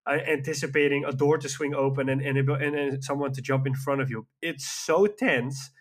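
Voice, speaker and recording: Chatty mid-pitched man, rambling and keen. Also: fairly even intonation, moderate pace. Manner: rambling and enthusiastic, with frequent fillers. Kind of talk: casual chat.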